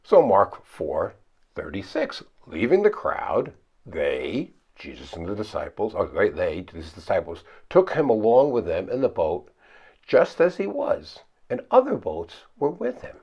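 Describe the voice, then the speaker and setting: A man's voice: wildly swooping pitch, measured pace, darkish tone, husky, dull audio. A pastor preaching a conversational sermon, asking his listeners questions and answering them himself. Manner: acts out the frightened disciples in high pleading voices.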